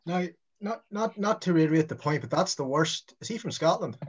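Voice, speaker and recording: A man's voice: on the high side, lively intonation, a little fast, breathy edge, highs cut off. A man in his thirties trading boastful, mocking trash talk on a podcast. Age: 30s. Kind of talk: casual chat.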